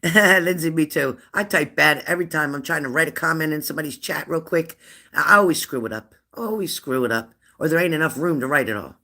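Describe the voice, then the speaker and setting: Reading comments aloud on his relaxed livestream, a middle-aged host teases his viewers and asks each question twice. His gravelly voice is a little high for a man, and he talks slightly fast in a chatty way.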